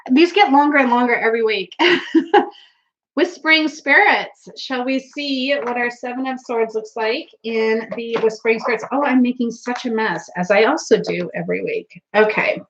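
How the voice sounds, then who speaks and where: Hosting a relaxed tarot live stream, this woman laughs a lot and chats giggly through viewer comments despite a runny nose. Her voice is a little high and a bit bright, with a moderate pace, heard in lo-fi sound.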